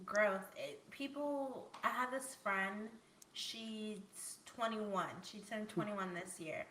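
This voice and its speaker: Candid laughing podcast host, bright voice. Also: female voice, medium pitch, slow pace, slight background noise, low-quality recording. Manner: candid, profane, laughs often. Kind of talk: casual chat.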